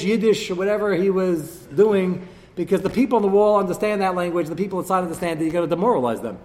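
A man's voice: high-pitched, fast, darkish tone, in a large hall. A man teaching a text-study class, acting out quoted speakers with sarcastic asides. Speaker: Torah teacher.

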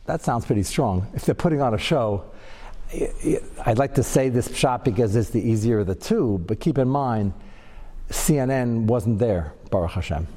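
A Torah teacher lectures in a mellow, relaxed voice at moderate pace, animated and jumping to a high pitch when acting out quoted lines. A long, hall-like reverb trails his words.

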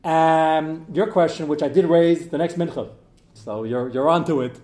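Speaking at normal speed in a fairly high, somewhat mellow voice, a male rabbi addresses his congregation informally, sharing stories in a conversational manner and answering questions from the audience. There's a roomy echo to the recording.

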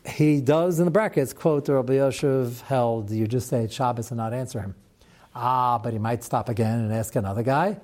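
A man's voice: mid-range voice, normal speed, darkish tone. A man teaching a Torah class to students, talking through a text with rhetorical questions and wry asides.

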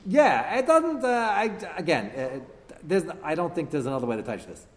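Animated male teacher in a reverberant hall. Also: on the high side, moderate pace. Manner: animated, emphatic, poses rhetorical questions to the class. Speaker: teacher leading a text class. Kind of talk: classroom lecture with discussion.

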